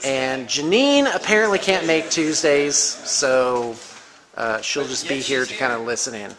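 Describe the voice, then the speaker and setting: A man's voice: medium pitch, lively intonation, measured pace, a crowd in the background. A man hosting a tabletop game as game master, chatty and upbeat with many fillers. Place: room around a gaming table. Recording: reverberant room.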